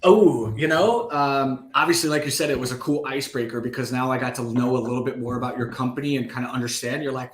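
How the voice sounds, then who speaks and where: A man hosts a live online sales session in a relaxed, upbeat way. His talk is loose and full of fillers, and his voice rings with a roomy echo. His pitch sits in a middling range. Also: brisk, hardly any pauses. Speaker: host.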